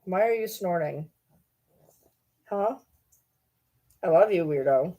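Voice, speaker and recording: A woman's voice: lowish voice, expressive, slow pace, warm tone. A woman from Michigan chats loosely with viewers, rambling from one topic to the next. Her talk is casual and teasing, and she fondly scolds her pet in between. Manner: chatty, teasing, talks baby talk to her pets. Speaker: streamer chatting with viewers. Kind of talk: casual chat.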